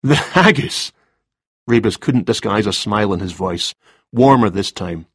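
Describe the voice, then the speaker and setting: A man narrating a crime novel audiobook in a measured, even way. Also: lowish voice, breathy edge, no echo, clean studio sound.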